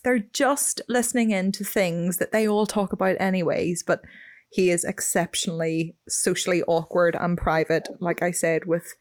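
A woman's voice: lowish voice, fairly even intonation, normal speed, no room sound, clean studio sound. A young woman with a Northern Irish accent, co-hosting a podcast and telling a frank, sweary story. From Northern Ireland. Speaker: podcast co-host. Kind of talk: casual chat.

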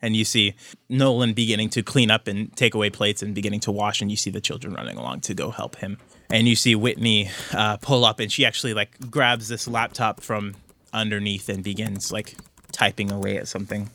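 A man's voice: lowish voice, brisk, vocal fry, bright, forceful tone, slight background noise. A man narrating a tabletop role-playing game as game master, describing the scene conversationally and loosely. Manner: descriptive, conversational, with frequent "like" and "kind of".

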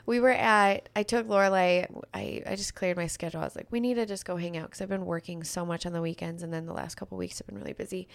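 A woman's voice: lowish voice, quick pace, creaky, few pauses. A middle-aged woman co-hosting a podcast, chatting casually and telling stories with sarcastic humor and acted-out quotes. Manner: sarcastic, animated storytelling with quoted voices. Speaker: podcast co-host. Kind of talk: casual chat.

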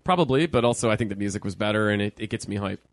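A man co-hosting a podcast, talking excitedly about horror shows, swearing and acting mock-annoyed. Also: on the low side, racing, no room sound. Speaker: podcast co-host. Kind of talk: casual banter about movies and TV.

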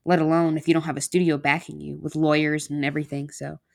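A low-pitched woman talks as a guest on a podcast. She wings it, rambling and restarting her sentences in loose, easygoing chat. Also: flat delivery, fast talker, creaky.

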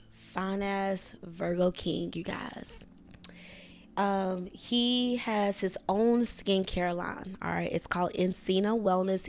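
Emotional woman podcaster with a gravelly voice. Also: mid-range voice. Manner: emotional, frustrated and near tears, sighing and cursing; slang-heavy, addresses listeners as "you guys" and "y'all". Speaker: podcast host. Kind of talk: casual solo podcast chat.

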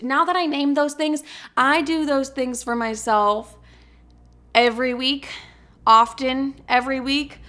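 A young woman talking straight to her listeners in a casual solo podcast. Her voice is fairly high and very bright, with a forward, sharp edge. She is brash and profane, quick to mock herself. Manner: brash, profane and self-mocking. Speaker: podcast host.

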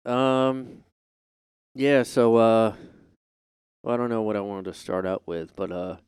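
Smooth-voiced man rambling casually. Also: lowish voice, fairly even intonation, slow, a little mellow, dry recording, studio quality. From United States. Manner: rambling, joking, self-deprecating, many fillers. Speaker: podcast host. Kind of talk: casual rambling solo chat. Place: his own room. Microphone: streaming setup microphone.

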